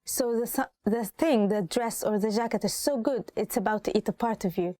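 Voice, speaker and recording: A woman giving a casual, chatty language lesson, often laughing and repeating phrases slowly. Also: a little high, dark tone, dry recording. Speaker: Arabic teacher.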